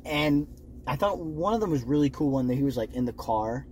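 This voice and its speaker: A man's voice: mid-range voice, animated, normal speed, darkish tone, a little hiss or hum. A young man co-hosting a podcast, chatting casually and swearing freely as he recaps scenes. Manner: profane, acts out scenes with quoted voices. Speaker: podcast co-host. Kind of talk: casual chat.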